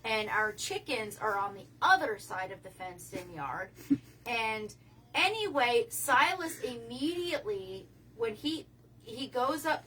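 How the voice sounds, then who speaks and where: Bright-voiced rambling woman telling a story. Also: on the high side, far from the mic, a little hiss or hum, rough recording. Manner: rambling, restarts a lot, swears casually. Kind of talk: casual livestream storytelling.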